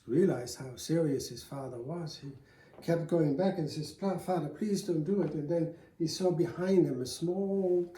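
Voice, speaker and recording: A man telling a folk tale aloud in a relaxed, conversational way, with fillers and restarts. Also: fairly high pitch, echoey room. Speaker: storyteller.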